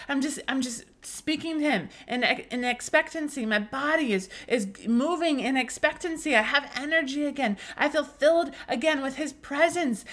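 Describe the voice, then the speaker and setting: A woman's voice: high voice, normal speed, fairly bright tone. A young woman hosting a faith podcast, telling a personal story in an earnest, emotional way, with many restarts and fillers. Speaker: podcast host.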